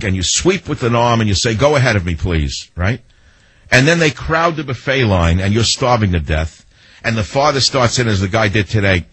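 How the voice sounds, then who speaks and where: A man's voice: mid-range voice, a bit bright, breathy edge, no echo, rough recording. A man hosting a talk radio show, telling sarcastic stories and mimicking the people in them. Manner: sarcastic, storytelling with mimicked quotes. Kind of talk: monologue to listeners.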